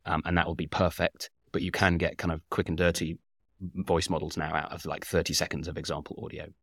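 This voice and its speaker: A man's voice: deep voice, flat delivery, fairly quick, no room sound, studio quality. A man, a company founder, answering interview questions at length, laying out his points in order with frequent fillers. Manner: methodical, lays points out in numbered order; frequent "uh" and "you know" fillers.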